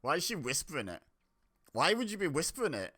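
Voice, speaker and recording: Lively, bright-voiced man reacting. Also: fairly high pitch, quick pace, soft background music. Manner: chatty, exasperated, laughs often. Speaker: reaction video host. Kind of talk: casual reaction commentary.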